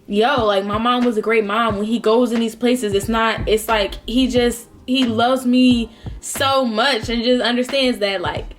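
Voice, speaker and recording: Her voice sits on the high side with a steady tone, moving a little slowly over slight background noise. The twenty-something vlogger talks casually as she eats, rambling and heartfelt with lots of fillers, and is close to tears at times during the mukbang.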